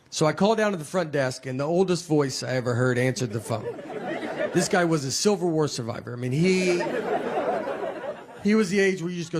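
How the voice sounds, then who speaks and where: A man in his forties tells stand-up stories in a dry, deadpan drawl, his voice sitting a little high for a man. He is recorded live, with the audience laughing loudly and steady noise under his words. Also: fairly quick, over a noisy crowd. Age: 40s. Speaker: stand-up comedian. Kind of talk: stand-up comedy.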